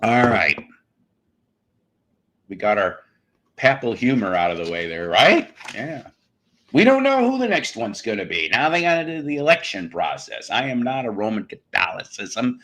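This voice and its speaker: A man's voice: medium pitch, big pitch swings, normal speed, fairly bright tone. A man hosting a rambling, comedic livestream show, cracking bad jokes, laughing at them himself and reading out viewers' messages. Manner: jokey, laughs at his own jokes; reads out chat messages.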